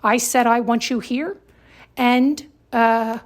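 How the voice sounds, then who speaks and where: A woman's voice: on the high side, fairly even intonation, takes it slowly. A woman voicing a controlling woman who orders her partner to stay and to smile. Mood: menacing. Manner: threatening, commanding. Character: possessive, menacing controlling woman.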